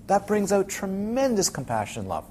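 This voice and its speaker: Speaking at a normal pace in a high-sitting voice, a man leads a Buddhist class for a roomful of students. It's a lively dharma talk in which he poses lots of questions to his audience and performs short quotes. A faint hiss or hum runs under the recording.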